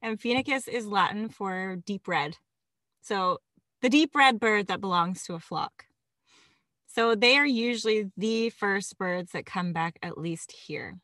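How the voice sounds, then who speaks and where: A woman's voice: medium pitch, unhurried, pushed and bright, dry recording. A woman co-hosting a casual podcast, talking about birds with lots of laughter and enthusiasm. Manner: giggly, enthusiastic. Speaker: podcast co-host.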